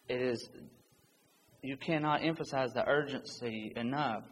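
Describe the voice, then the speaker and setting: A man's voice: mid-range voice, a little slow. A man preaching a sermon, reading scripture aloud in an earnest, urgent manner. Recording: long hall reverb with faint background noise.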